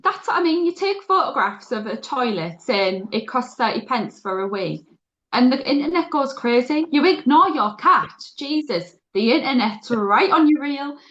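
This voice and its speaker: A middle-aged woman co-hosting a podcast, telling a story in a lively, chatty way and laughing often. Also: high-pitched, moderate pace, lo-fi sound. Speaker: podcast co-host. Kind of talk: casual chat.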